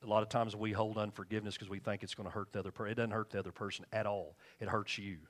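Low-voiced pastor preaching conversationally. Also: male voice, flat delivery, very fast. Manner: conversational storytelling with chuckles. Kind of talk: sermon. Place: church.

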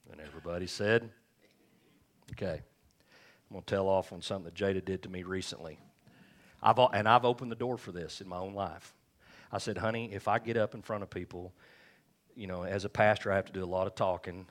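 A man's voice: low-pitched, fairly even intonation, brisk, pauses often. A man preaching a sermon as pastor, folksy and joking, calling on the congregation for amens. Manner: calls for amens from the crowd.

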